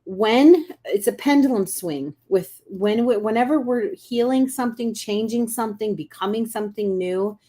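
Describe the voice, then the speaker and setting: A woman coaching viewers on a casual live stream, chatty and animated, acting out little inner voices, with frequent restarts and throat clearing. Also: fairly high pitch, moderate pace, hardly any pauses. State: clearing her throat often. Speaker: intuitive coach hosting a live reading.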